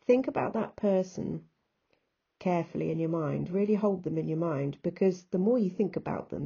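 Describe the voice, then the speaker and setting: A woman's voice: on the low side, warm tone, slightly rough, lo-fi sound. A woman with an English accent, teaching a recorded lesson and patiently talking through examples step by step.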